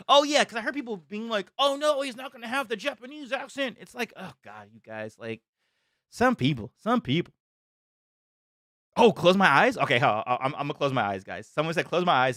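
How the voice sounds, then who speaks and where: Excitable young streamer man, animated and bright. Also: mid-range voice, dry recording, clean studio sound. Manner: excitable, exclamatory, laughs often. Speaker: streamer reacting to a trailer. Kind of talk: live-stream reaction chat.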